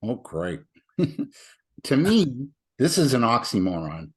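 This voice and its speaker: A man's voice: medium pitch, sing-song, takes it slowly, breathy edge. Chatty man telling a story. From Canada. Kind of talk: conversational interview.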